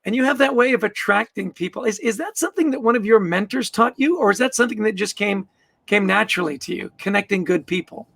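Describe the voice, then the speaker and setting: A man's voice: high voice, expressive, quick pace, gravelly, fairly bright tone, slightly rough, no echo. A man co-hosting an interview, asking enthusiastic questions with stammered restarts. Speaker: co-host. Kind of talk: conversational interview.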